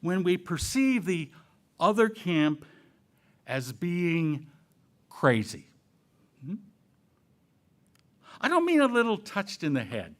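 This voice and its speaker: A man's voice: high-pitched, wildly swooping pitch, slow pace, long pauses. A man giving a sermon-style church talk, asking the audience questions and adding playful, jokey asides. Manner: asks the audience rhetorical questions. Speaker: church speaker.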